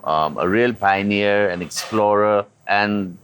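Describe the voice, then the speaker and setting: A man, a chef hosting a conversational interview, speaking in a relaxed way with dry humor and acting out the exchanges he retells. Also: lowish voice, slow, a little hiss or hum. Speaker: chef and host.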